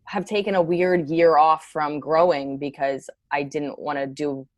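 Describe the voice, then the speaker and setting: A woman comedian talking in a casual interview, rambling, correcting herself and telling animated stories over a video call. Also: deep voice, measured pace, dry recording, lo-fi sound. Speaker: stand-up comedian guest.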